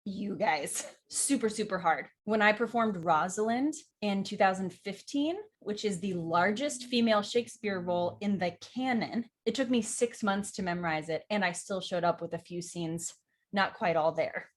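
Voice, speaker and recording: A young woman hosting an acting channel, giving a chatty, animated tutorial and laughing often. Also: mid-range voice, normal speed. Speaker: acting teacher and channel host. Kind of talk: upbeat tutorial talk to camera.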